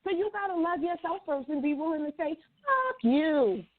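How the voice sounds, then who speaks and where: A woman co-hosting a casual talk show, blunt and animated and swearing freely. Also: extremely high pitch, quick pace, crowd noise. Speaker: co-host. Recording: dry tinny phone-like sound.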